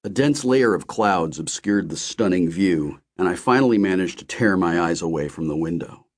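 Expressive low-voiced male audiobook narrator. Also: normal speed. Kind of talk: first-person audiobook narration.

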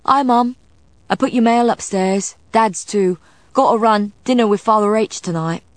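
A woman voicing a hurried, cheerful teenage boy, speaking in quick, breezy bursts. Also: mid-range voice, dry recording, pitched above the performer's own voice, close to an everyday voice.

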